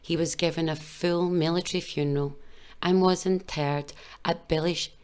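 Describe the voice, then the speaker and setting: A woman narrates a documentary in a measured, solemn way. Her voice sits low and deep. The delivery is steady and scripted throughout. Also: clear, resonant tone.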